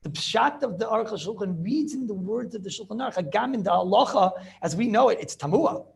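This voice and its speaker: A middle-aged rabbi giving an informal yeshiva class. He is animated and rhetorical, keeps asking "right?", and mixes Hebrew and Yiddish terms into his talk. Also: high-pitched, quick pace, gravelly. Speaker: rabbi teaching a halacha class.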